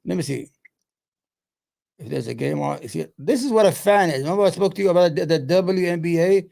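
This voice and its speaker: A man with a notably high-pitched speaking voice and a gravelly edge hosts his own channel. He rambles casually, swears freely and mutters to himself while he hunts for clips, then launches back into his opinions. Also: lively intonation, brisk, mellow. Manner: loose, profane, muttering to himself between points. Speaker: solo commentary host.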